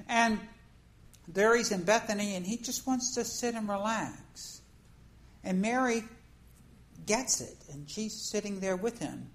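A woman preacher giving a conversational sermon, telling a story in an animated way and acting out the scenes. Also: mid-range voice, low-quality recording.

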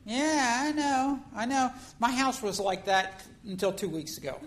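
A woman preacher giving a conversational sermon, telling a story in an animated way and acting out the scenes. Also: a little high, measured pace, background noise.

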